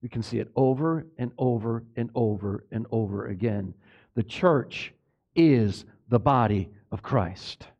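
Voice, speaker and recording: A man's voice: medium pitch, unhurried, a little mellow, highs cut off. A male pastor preaching a sermon in an emphatic way, often asking the congregation for an amen. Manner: emphatic, asks the congregation for amens.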